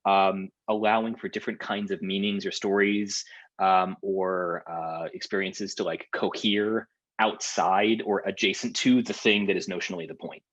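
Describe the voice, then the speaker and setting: Halting man leading a video-call seminar. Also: low-pitched, fairly even intonation, fairly bright tone, lo-fi sound. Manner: hesitant, lots of fillers and restarts. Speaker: workshop leader.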